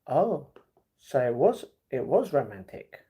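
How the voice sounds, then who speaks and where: A young man reads his live stream chat aloud, chatting and bantering with viewers in slangy, casual fashion. His medium-pitched voice is dark and husky, very animated, yet delivered at a measured pace.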